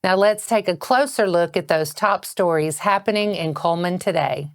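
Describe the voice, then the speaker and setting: A woman anchoring a local morning news bulletin with a Southern American accent, reading in a steady, measured way. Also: on the low side, dry recording, studio quality.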